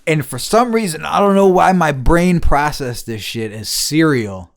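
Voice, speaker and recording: Animated, foul-mouthed male podcast host. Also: fairly high pitch, a little slow, creaky. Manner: profane, rambling storytelling to an old friend. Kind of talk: casual chat.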